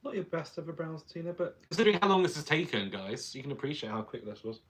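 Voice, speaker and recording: A man's voice: on the high side, fast talker, fairly bright tone. A man who is a drag performer, chatting playfully while doing his makeup and laughing often.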